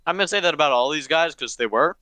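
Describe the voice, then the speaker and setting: A man's voice: a little high, animated, quick pace, bright, forceful tone, no echo. A man co-hosting a casual podcast chat, joking in a dry, playful way. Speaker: podcast co-host.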